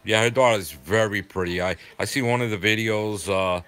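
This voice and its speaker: An older man from southeastern Massachusetts with a local accent, casually chatting with viewers on a livestream in a rambling, halting way. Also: fairly low pitch, fairly bright tone, clean tone. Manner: rambling, halting, full of fillers. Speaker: livestream host. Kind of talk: casual chat reading viewer comments.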